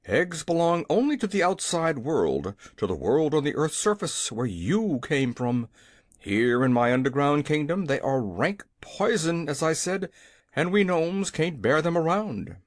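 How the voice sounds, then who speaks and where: A reader voicing a short-tempered gnome king in a storybook who blusters, shouts and growls. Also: mid-range voice, very animated, a little slow, dry recording, clean studio sound. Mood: blustering. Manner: blustering, easily startled.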